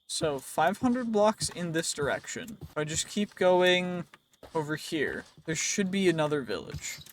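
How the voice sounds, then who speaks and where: A man with a high voice gives loose, rambling gameplay commentary, joking around and chatting to characters on screen. His voice sounds worn and tired, and there is a faint hiss behind him. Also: big pitch swings, unhurried. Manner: rambling, playful, talks to game characters. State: voice wearing out. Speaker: gaming video creator.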